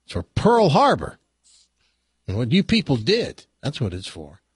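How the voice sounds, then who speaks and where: A man's voice: medium pitch, wildly swooping pitch, normal speed, slightly rough, dry recording, clean studio sound, heavily acted. A man doing an indignant drunk guy at a bar.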